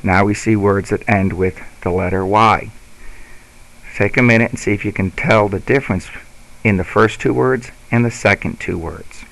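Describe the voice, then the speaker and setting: A male teacher giving a slow, patient instructional lesson. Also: on the low side, creaky, fairly bright tone, poor audio.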